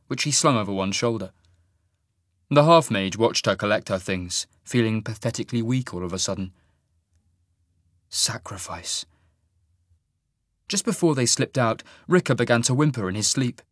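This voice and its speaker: A man reading fantasy fiction aloud in a measured, even manner. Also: lowish voice, no echo, studio quality. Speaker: audiobook narrator. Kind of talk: scripted fantasy narration.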